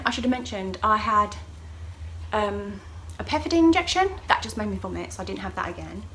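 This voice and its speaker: Brisk and animated, this young vlogger chats casually through a personal story. When quoting people, she imitates their voices with big, sudden leaps in pitch and volume. The recording is rough.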